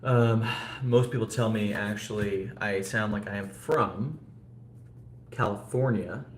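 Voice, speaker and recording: Man, casual live-stream chat, rambling, lowish voice, echoey room, faint background hum. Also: takes it slowly. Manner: rambling, talks to chat viewers, frequent fillers. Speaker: vlogger.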